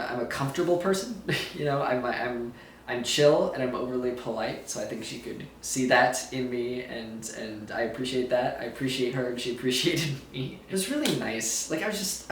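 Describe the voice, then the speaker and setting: A man's voice: mid-range voice, slight background noise. A young man telling a rambling, giggly story in a casual vlog, groggy after surgery with a sore throat. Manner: rambling, giggly, loses his thread. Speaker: vlogger. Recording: echoey room, a bit far from mic.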